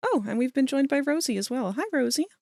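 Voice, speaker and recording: A woman's voice: high-pitched, lively intonation, fast talker, creaky, darkish tone, no echo, clean studio sound. A young adult woman hosting a livestream, chatting casually with friends and laughing often. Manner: chatty, giggly, talks over friends. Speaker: livestream host. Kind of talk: casual stream chat.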